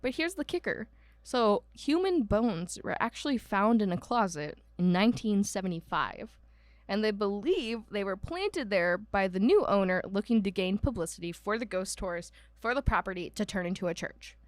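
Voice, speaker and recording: A woman's voice: mid-range voice, expressive, normal speed, dry recording. A woman from Ohio co-hosting a podcast, telling a ghost story in casual chat with lots of ums. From Ohio, United States. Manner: chatty, many ums, laughs at herself. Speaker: podcast co-host.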